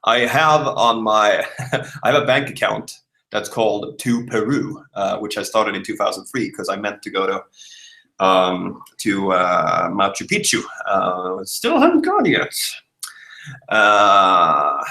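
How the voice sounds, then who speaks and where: A livestream host in his thirties from Malmö, Sweden, talks casually in a lowish, sing-song voice with a southern Swedish accent, reading out viewer comments at a slow pace. His delivery is pushed and bright, and he laughs a lot and thinks aloud with plenty of uhs. The recording is rough and reverberant.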